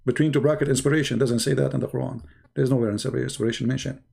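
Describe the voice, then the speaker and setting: A man giving a mocking, challenging polemic monologue as a live-stream debater, swinging between slow low asides and exasperated outbursts. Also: steady tone, gravelly, darkish tone, breathy edge.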